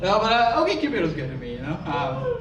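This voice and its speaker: High-voiced man doing crude stand-up. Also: wildly swooping pitch, a little fast. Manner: crude, self-deprecating storytelling with frequent swearing. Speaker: stand-up comedian. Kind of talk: stand-up routine. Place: live comedy venue with audience. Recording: echoey room, distant mic, crowd laughter.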